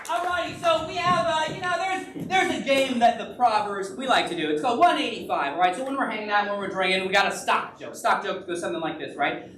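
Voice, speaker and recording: A woman's voice: medium pitch, animated, fast talker, hardly any pauses. A woman hosting a live improv comedy game on stage, explaining the rules and laughing along with the players. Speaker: improv show host. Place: stage in a hall with a live audience. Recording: echoey, distant, noisy hall with crowd.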